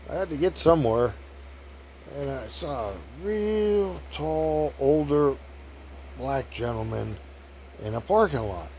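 A man's voice: mid-range voice, darkish tone, a little hiss or hum. A middle-aged man telling a rambling, folksy story in a casual way.

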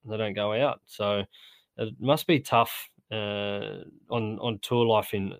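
Low-voiced man, hesitant casual talk. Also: steady tone, creaky, dry recording. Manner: hesitant, repeats words, measured. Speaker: golf podcast co-host. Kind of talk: casual sports chat.

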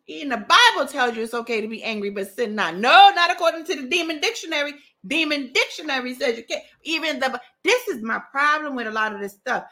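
A woman hosts a podcast and tears into a book with sarcastic, mocking commentary, laughing as she goes. Her voice sits high and bright, and it swoops up and down with lively energy. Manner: mocking, animated, laughs at her own jokes. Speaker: podcast host.

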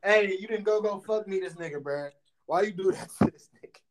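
A man's voice: sits high, brisk, noisy background. A man, co-hosting a podcast and throwing in blunt, profane reactions. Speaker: podcast co-host. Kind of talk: casual chat, reacting.

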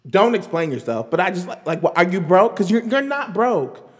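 A man's voice: high-pitched, big pitch swings, normal speed, fairly bright tone, long reverb tail. A man doing casual pop-culture commentary on a vlog, sarcastic and exasperated, often breaking into laughter. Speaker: commentary vlogger.

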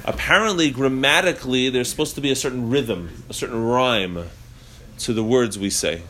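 A man at a mid-range pitch leads a live religious study class and explains each point to the group in front of him. He thinks aloud as he goes, stopping and restarting often. When he recites the Hebrew prayer lines, he falls into a rhythmic, chanting lilt. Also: normal speed, a bit bright. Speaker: Torah class teacher.

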